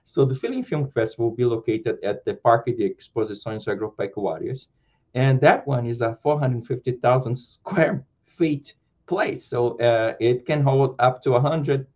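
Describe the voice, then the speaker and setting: A man's voice: mid-range voice, moderate pace, a little mellow, lo-fi sound. A man hosting an interview, asking earnest questions and explaining event details, with occasional fillers and restarts. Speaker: interview host. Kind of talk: interview, reading festival details.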